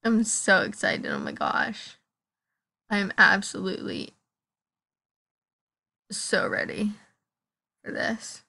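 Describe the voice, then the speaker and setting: A female gaming host chatting excitedly through casual gameplay commentary. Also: mid-range voice, slow, vocal fry, pauses often.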